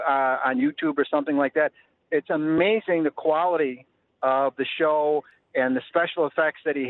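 A man calling a radio show, talking hesitantly with many pauses. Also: on the high side. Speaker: caller. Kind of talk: casual phone-in chat. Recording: tinny phone line.

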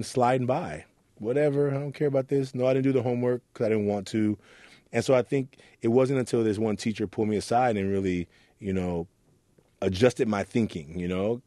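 A man from Oakland, a youth mentor, telling his story in an interview with earnest warmth and acting out the voices in it. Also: on the low side, no room sound, studio quality. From Oakland, California. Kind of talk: reflective interview talk.

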